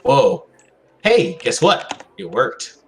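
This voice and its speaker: A man's voice: mid-range voice, huge pitch swings, slow pace, slight background noise. A man voicing an awkward, cheerful young man in a tabletop game, talking in a raised, chirpy voice with sudden exclamations. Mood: amazed.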